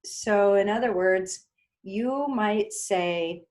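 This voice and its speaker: A woman's voice: medium pitch, extremely slow, a little mellow. A woman speaker answering questions as a hiring manager, patiently laying out simple rules in a teacherly way. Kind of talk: explanatory Q&A answers.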